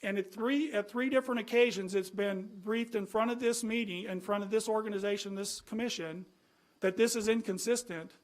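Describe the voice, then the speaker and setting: High-voiced man arguing at a public hearing. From California. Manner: earnest, argumentative, with many restarts and rhetorical questions. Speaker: citizen speaking at a planning commission. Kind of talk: public comment with slides.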